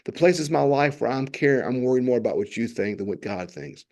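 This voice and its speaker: A man's voice: medium pitch, expressive, a little fast, gravelly, darkish tone. A male pastor gives an earnest, impassioned devotional reflection on scripture and often repeats phrases for emphasis.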